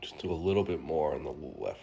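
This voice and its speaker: A man vlogging casually, breathy and halting, with long pauses and a congested, sniffly sound. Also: rumbling low, animated, background noise. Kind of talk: casual talk to camera.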